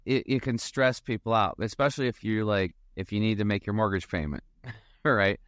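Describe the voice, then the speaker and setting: Low smooth-voiced man telling stories. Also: moderate pace, a bit bright, no echo, clean studio sound. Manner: rambling storyteller, acts out dialogue. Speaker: financial advisor guest. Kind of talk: casual podcast conversation.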